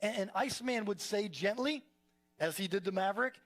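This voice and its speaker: High-voiced pastor preaching conversationally. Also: male voice, a little fast. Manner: conversational, energetic storytelling with frequent restarts. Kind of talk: sermon. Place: church service before a live congregation.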